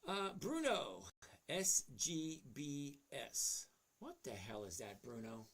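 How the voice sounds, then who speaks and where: A man's voice: on the high side, sing-song, takes it slowly, a bit bright. A man in his sixties hosting a casual livestream, reading viewer questions and answering them bluntly and chattily. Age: 60s. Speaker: host.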